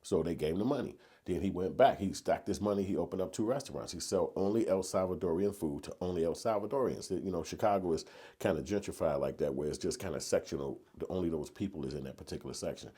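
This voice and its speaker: A man talks through a casual opinion monologue in a low, dark register with a husky edge. His speech is loose and slangy, and he keeps pressing his points with emphatic bursts. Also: fast. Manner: conversational and slangy, building to emphatic rants. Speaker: commentary vlogger.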